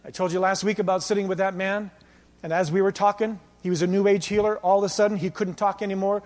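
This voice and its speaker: A male pastor preaching a sermon, swinging between loud exhortation and quiet storytelling. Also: high voice, flat delivery, fast talker.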